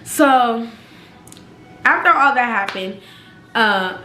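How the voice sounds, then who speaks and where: A young woman vlogger, telling a personal story casually and acting out the quotes in a raised voice. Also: takes it slowly. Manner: animated, acts out quotes in higher pitch. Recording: echoey room, faint background noise.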